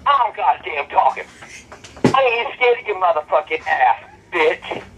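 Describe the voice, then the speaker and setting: An older man cursing and ranting furiously on a phone call, with a raspy voice. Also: sits high, sing-song, a little slow, heavy background noise. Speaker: prank call target. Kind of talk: prank call rant.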